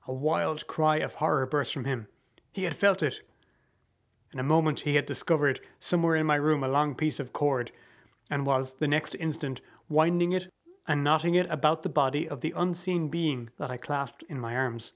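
A male narrator with a slightly raised voice reads a story aloud. His delivery is measured and theatrical, with a dramatic audiobook feel. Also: fairly high pitch.

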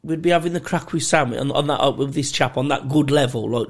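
A man's voice: medium pitch, a little fast, creaky, few pauses. A man co-hosting a podcast, telling sweary stories in casual chat and laughing often. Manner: sweary storytelling, laughs a lot. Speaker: podcast co-host.

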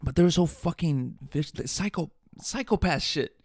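A man's voice: a little high, normal speed, slightly rough, dry recording. Male podcaster, casual profane storyteller, dry close sound. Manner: profane, animated storytelling with laughs. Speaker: podcast host.

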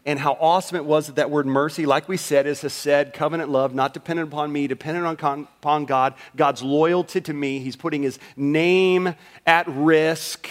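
High-voiced man preaching a sermon. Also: long reverb tail. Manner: swings from loud emphatic lines to hushed low delivery; acts out a listener's thoughts in quoted asides. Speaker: pastor.

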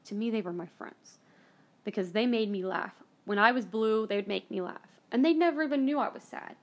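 A woman's voice: medium pitch, fairly quick. A woman hosting her own podcast, telling a personal story with strong emotion, often repeating herself and trailing off. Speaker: podcast host.

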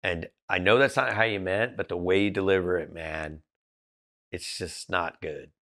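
This man from Southern California has a deep, slightly bright voice at normal speed. He's a business founder appearing as a podcast guest, telling candid, casual stories bluntly and directly while frequently restarting his sentences.

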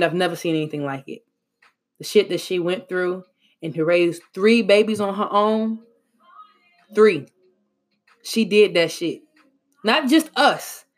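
A man talking casually and emotionally to his viewers, reflective, with sighs, slang and restarts. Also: high voice. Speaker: vlogger. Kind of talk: casual heartfelt monologue.

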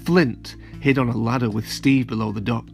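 A man narrating a children's storybook in an even, plain reading voice of middle pitch. Soft music plays faintly beneath him. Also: moderate pace, creaky. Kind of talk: storybook read-aloud.

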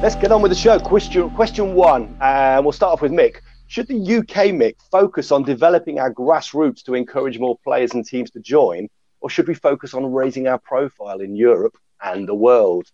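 A man's voice: mid-range voice, moderate pace, warm tone, no echo, faint music behind. Casting: male host, chatty panel podcast, dry close lo-fi sound, rambling and self-mocking. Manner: self-deprecating, many fillers and restarts. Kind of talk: casual hosted panel chat.

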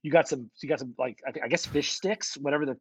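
A man from the United States co-hosting a comedy podcast, chatty and quick to laugh as he riffs on tangents. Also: medium pitch, husky, no echo, low-quality recording. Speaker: podcast co-host. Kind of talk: casual comedic chat.

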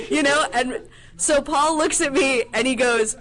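High-voiced woman on a con panel, bubbly, laughs a lot, does little voices in her story. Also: normal speed, fairly bright tone. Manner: bubbly, laughs often, acts out quoted voices. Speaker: voice actress guest. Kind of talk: animated convention panel anecdote. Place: convention panel room. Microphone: handheld mic.

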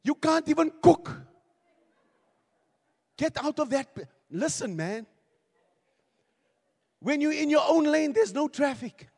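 Brief: male pastor preaching a sermon, high voice, lively and repetitive, echoing church hall. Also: a little slow, pauses often. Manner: animated preaching, acts out quoted voices, repeats words.

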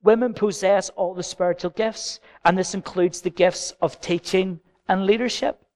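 A man, a pastor preaching a sermon in church with gentle humour and personal stories. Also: sits high, steady tone, normal speed. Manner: anecdotal, gently humorous preaching.

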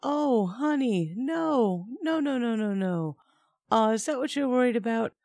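A woman doing a coaxing, smooth-talking man. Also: fairly high pitch, lively intonation, a little slow, warm tone, no echo, studio quality, voice pushed up. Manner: coaxing, cooing reassurances.

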